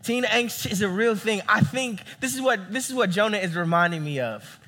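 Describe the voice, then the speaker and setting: A young man preaching a sermon as a campus pastor, animated and acting out the people he quotes. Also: sits high, moderate pace. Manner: animated, acts out quoted voices.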